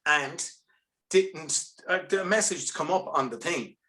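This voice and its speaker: An Irish man with a bright, forceful and slightly high voice, guesting on a casual podcast. He tells animated, rambling stories, starting over again and again as his thoughts run ahead. He talks through earphones on a video call. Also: slow pace. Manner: animated, rambling storyteller with many restarts. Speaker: guest, lead singer of a band.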